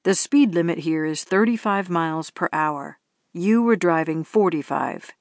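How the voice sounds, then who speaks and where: A woman voicing a tall male police officer, speaking firmly, calmly and patiently. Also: on the low side, no room sound, studio quality, pitched below the performer's own voice, natural voice. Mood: patronizing. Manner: firm, measured, patient.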